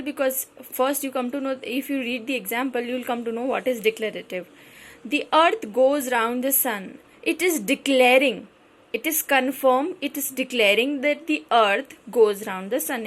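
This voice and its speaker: High-voiced Indian English woman teaching. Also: fairly bright tone. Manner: explains patiently with many repeats and "okay"s. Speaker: school teacher. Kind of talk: classroom grammar lesson.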